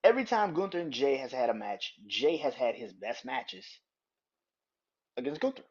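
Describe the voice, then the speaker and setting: Male podcast host on a heated, swearing rant, husky tone, muffled lo-fi recording. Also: medium pitch, very animated, normal speed. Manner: heated, profane, emphatic ranting. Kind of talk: ranting wrestling podcast. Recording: dull lo-fi audio.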